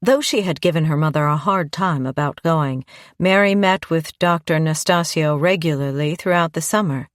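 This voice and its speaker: Low-voiced woman narrating a thriller. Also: normal speed, dry recording, clean studio sound. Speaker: audiobook narrator. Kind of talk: scripted narration.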